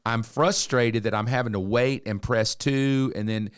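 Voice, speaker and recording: A man's voice: medium pitch, normal speed, clean tone, no room sound, clean studio sound. A man, co-hosting a podcast and telling a story, acting out the lines of the people in it. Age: 60s. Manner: animated storyteller, acts out quotes. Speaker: podcast co-host. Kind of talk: casual storytelling chat.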